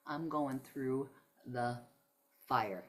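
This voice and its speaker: A woman with a low voice speaks slowly in a heartfelt spiritual self-help monologue. She is emphatic and preachy, and emotion shows through her words as she addresses listeners as "y'all.".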